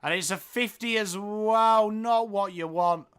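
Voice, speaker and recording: A man with an English accent calls the game live and chats with his stream viewers as he goes. His voice sits high, and his delivery is casual and talkative, rising when a goal goes in. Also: unhurried, clear, resonant tone. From England. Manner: chatty, reads viewer comments aloud, gets excited at goals. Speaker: livestream watchalong host. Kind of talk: live commentary and chat with viewers.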